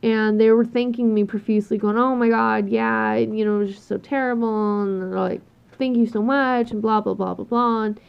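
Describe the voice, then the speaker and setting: A woman's voice: on the high side, normal speed, creaky, clear, resonant tone. Exasperated woman ranting, lo-fi recording. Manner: exasperated, swears freely, quotes people in animated voices. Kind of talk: casual ranting monologue. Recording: dull lo-fi sound.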